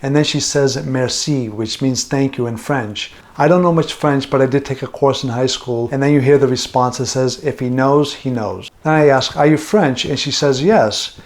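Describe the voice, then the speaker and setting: A man's voice: mid-range voice, moderate pace, hardly any pauses. Man narrating his own paranormal recordings. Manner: explanatory, interpreting what he hears. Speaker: paranormal investigator. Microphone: studio mic for narration.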